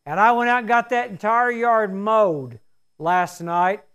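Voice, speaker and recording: A high-pitched middle-aged man delivers a homespun sermon. He drifts into folksy stories and plain-spoken asides between points of faith. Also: measured pace, a bit bright, clear, resonant tone, muffled recording. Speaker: preacher.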